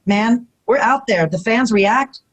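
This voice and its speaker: A woman guest in an interview, telling stories in a casual, animated way, often acting out quotes and saying "you know what I mean". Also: a little high, slow pace, low-quality recording. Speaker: retired pro wrestler guest.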